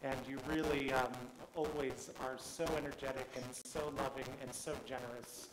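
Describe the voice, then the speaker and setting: A man from the temple clergy gently introduces a blessing song, speaking affectionately with filler pauses. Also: mid-range voice, flat delivery. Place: temple sanctuary. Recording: roomy hall with loud noise.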